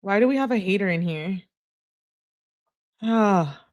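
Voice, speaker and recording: A woman's voice: medium pitch, animated, a little slow, darkish tone. A woman hosting a true crime channel, reading text messages aloud in an easygoing way and chatting to her viewers between them.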